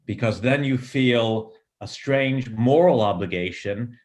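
A middle-aged man, a screenwriter, giving reflective interview answers in a thoughtful, digressive way with many pauses and ums. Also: medium pitch, a little mellow. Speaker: screenwriter and director.

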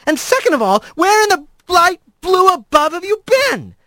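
A man's voice: very high voice, sing-song, moderate pace, sharp tone, no echo, clean studio sound, voice pushed up, exaggerated voice. A man doing a bossy, teasing female fisher. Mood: scolding. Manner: teasing, scolding.

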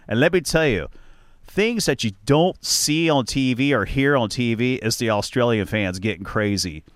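A man hosting a podcast, telling stories in a chatty, animated way and laughing often. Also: mid-range voice, normal speed, no room sound. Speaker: podcast host. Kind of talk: casual chat.

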